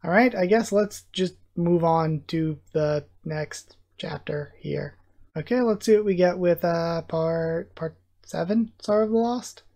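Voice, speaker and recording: A host reads a webcomic aloud during a live reaction and drops in loose, casual comments between passages. The voice sits in an ordinary middle register, and the delivery is relaxed with the odd filler. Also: medium pitch, a little slow, creaky.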